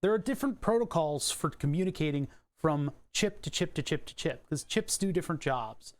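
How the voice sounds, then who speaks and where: A man's voice: on the high side, animated, brisk. A man live-streaming from his desk, casually explaining electronics in a rambling, profane way. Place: desk at home.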